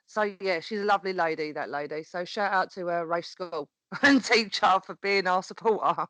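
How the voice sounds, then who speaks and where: Speaking at a normal speed in a lowish voice, a wrestling promo performer tells a story on a podcast, animated and laughing frequently as she acts out the voices she quotes. The audio is poor but free of echo.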